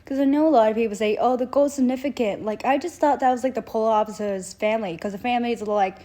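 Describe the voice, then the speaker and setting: A woman's voice: on the high side, very fast, mellow. A young woman casually recapping a show, rambling with lots of filler words and acting out the characters' lines. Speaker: show reviewer.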